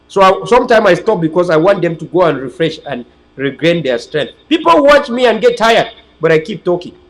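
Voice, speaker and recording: A man's voice: high voice, sing-song, a little fast, low-quality recording. A man, hosting an online political channel in a rambling, preachy, emphatic livestream monologue to his viewers.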